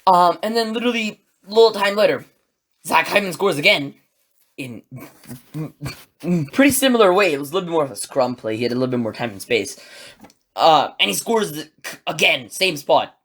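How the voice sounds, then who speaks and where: A man hosting a solo sports podcast, recapping a game in an excitable, rambling way and acting out his own reactions. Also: fairly high pitch, moderate pace. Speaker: podcast host.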